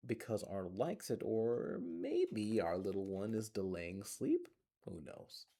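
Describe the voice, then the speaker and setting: Man, children's storytime reader, gentle and playful, mellow tone, lively swooping pitch. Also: creaky. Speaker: children's librarian. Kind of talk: reading a picture book aloud to children. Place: closed public library. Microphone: phone.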